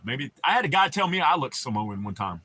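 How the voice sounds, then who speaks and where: A man's voice: mid-range voice, very animated, a little fast, sharp tone, husky. A young American man hosting a casual livestream, telling rambling, profane stories to his chat. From United States. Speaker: livestream host.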